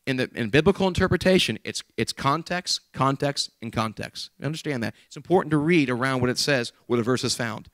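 A man's voice: mid-range voice, fast, hardly any pauses, fairly bright tone, no echo. A middle-aged man preaching a sermon as a pastor, emphatic and given to repeating key phrases.

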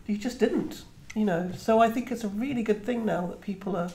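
A woman's voice: medium pitch, fairly quick, warm tone. A woman in her fifties from Trinidad who speaks British English, talking reflectively as a guest author in an interview, with many restarts. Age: 50s. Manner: reflective, frequent "you know" and restarts. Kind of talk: conversational interview. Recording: roomy echo.

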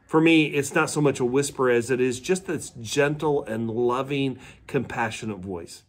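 A man's voice: mid-range voice, moderate pace. A man, a pastor, giving a midweek devotional sermon in a conversational storytelling way and asking his listeners questions.

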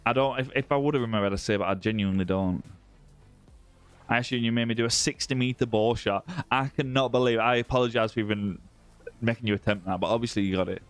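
A man's voice: medium pitch, fairly even intonation, fast, smooth, soft background music. A man hosting a live gaming stream, chatting casually with viewers and greeting them by name. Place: indoor room with ring light.

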